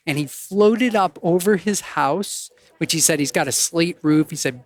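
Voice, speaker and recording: A man's voice: fairly high pitch, normal speed, hardly any pauses. A man as a podcast guest, telling casual anecdotes and acting out the people he quotes. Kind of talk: casual storytelling in conversation.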